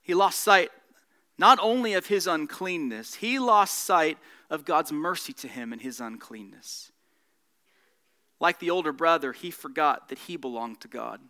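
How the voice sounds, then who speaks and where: A male pastor delivering a sermon with a bright, forceful voice. He sits a little high for a man and preaches earnestly, swelling on key points and dropping softer as each one closes. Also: measured pace.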